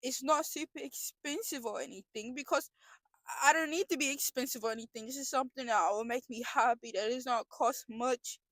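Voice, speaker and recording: A woman's voice: sits high, fairly quick, fairly bright tone, no room sound. A young woman talking in a casual confessional vlog, earnest and emotional, rambling with frequent restarts. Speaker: vlogger.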